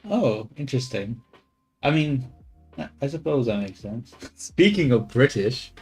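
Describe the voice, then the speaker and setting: A man's voice: medium pitch, sing-song, measured pace, darkish tone, breathy edge, faint music behind. A young man streaming his 3D modeling work, thinking aloud in casual chatter, trailing off and correcting himself as he goes. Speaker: livestreamer doing 3D modeling.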